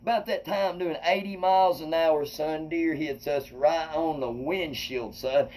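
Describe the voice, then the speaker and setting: A man telling a wild personal story to viewers, animated and swearing, acting out quotes loudly. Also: a little high, a little slow, poor audio. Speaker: comedian host.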